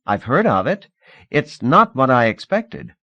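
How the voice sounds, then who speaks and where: A man's voice: medium pitch, very animated, unhurried, bright, forceful tone, dry recording, muffled recording, pitched above the performer's own voice, heavily acted. A man doing an earnest, wary young man. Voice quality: plain, earnest, cautious.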